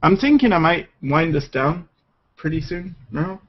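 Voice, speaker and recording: A man's voice: fairly high pitch, lively intonation, moderate pace. A man hosting a casual livestream chat with friends, laid-back, chatty and joking, talking over a computer mic. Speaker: stream host. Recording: dull lo-fi stream audio with faint hiss.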